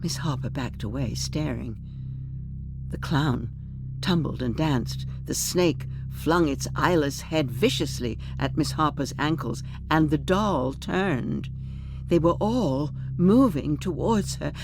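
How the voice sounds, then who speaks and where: A woman reading a short story aloud in a measured, expressive storytelling manner. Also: deep voice, music in the background. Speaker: audiobook narrator.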